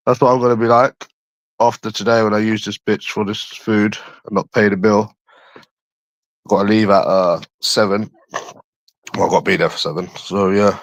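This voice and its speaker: A man's voice: fairly low pitch, fairly even intonation, normal speed, pauses often, no echo. A young man from London chatting on a livestream, crude, taunting and repeating himself as he answers viewers. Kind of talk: casual chat answering viewers.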